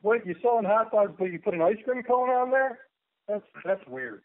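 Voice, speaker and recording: A man on a phone-quality line chats as a radio guest, rambling and cracking jokes as he spins stories. His voice sits a little high for a man and comes through thin and boxy, as if over a telephone. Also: animated, moderate pace. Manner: rambling, joking, storytelling. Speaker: guest artist. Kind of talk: casual radio chat.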